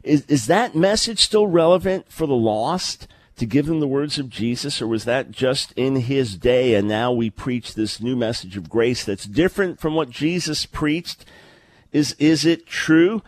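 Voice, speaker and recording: A man's voice: mid-range voice, lively intonation, measured pace. A man hosting a live call-in radio talk show, speaking earnestly and conversationally, often repeating a word as he starts a sentence. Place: remote location, early morning.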